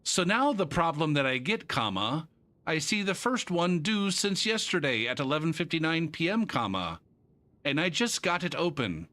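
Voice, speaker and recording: A man's voice: a little high, sing-song, sharp tone, pitched above the performer's own voice. A man voicing an earnest young male student who reads out a stiff, overly polite email. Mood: earnest pleading. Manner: stiff, overly polite phrasing read slowly.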